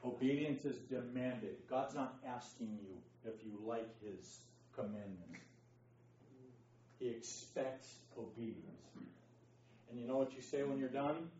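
A man teaching Bible study speaks at a measured pace in a mellow, medium-pitched voice. He emphatically leads an interactive lesson, quizzing the class and checking in with "okay?" often. The sound is echoey and dull from a distant mic, with a little hiss or hum.

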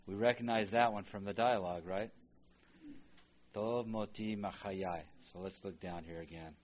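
A man teaching a Bible language lesson, slowly sounding out and repeating words for students to follow. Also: low voice, highs cut off. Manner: slow, repeats words aloud for practice. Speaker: Hebrew teacher.

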